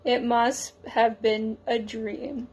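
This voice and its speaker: A woman's voice: fairly high pitch, little pitch movement, slow pace, darkish tone, breathy edge, muffled recording. A woman voicing a sleepy, puzzled male farmer in a read-aloud storybook.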